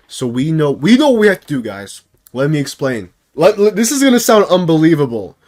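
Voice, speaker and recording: A man's voice: medium pitch, darkish tone. A young man telling a comedic story to his viewers, hyped and jokey. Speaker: storytime video creator.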